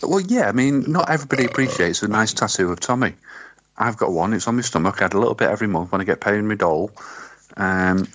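A man in crude comedic banter, telling stories deadpan and swearing freely. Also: on the low side, quick pace.

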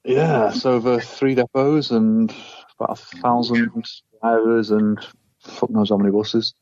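A man's voice: mid-range voice, steady tone, measured pace, darkish tone. A man chatting casually on a video call with dry, understated humour. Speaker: podcast guest. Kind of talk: casual chat. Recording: crackly muffled call audio.

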